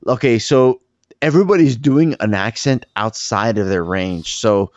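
A man's voice: medium pitch, moderate pace, a little mellow, no room sound, highs cut off. A tipsy man co-hosting a podcast, blunt and profane in a casual film review chat. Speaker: podcast co-host.

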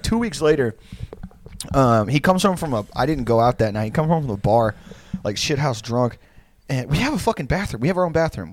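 Late-20s guy, lively pitch, crude and rambling storyteller who cracks himself up, dry close sound. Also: dry recording. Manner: rambling, profane, laughs through the story. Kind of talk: casual storytelling.

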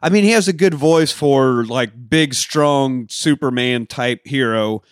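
A man's voice: mid-range voice, a little slow, smooth, dry recording, clean studio sound. Casual, laughing podcast man. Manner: loose and profane, laughs often. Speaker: podcast co-host. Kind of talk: casual movie-review chat.

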